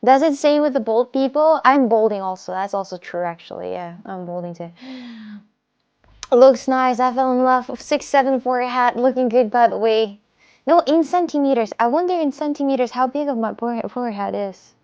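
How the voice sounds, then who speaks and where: A woman's voice: on the high side, moderate pace, darkish tone, smooth, lo-fi sound. Rambling woman with a Russian accent. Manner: rambling, stammers and repeats words. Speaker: live streamer. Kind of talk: casual live-stream chat. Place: at home.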